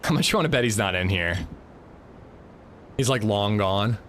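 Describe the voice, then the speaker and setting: Bright, lively-voiced gaming streamer man. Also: fairly low pitch, normal speed, a little hiss or hum. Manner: chatty, rambling, reads chat aloud. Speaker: livestreamer. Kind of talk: casual chat while gaming.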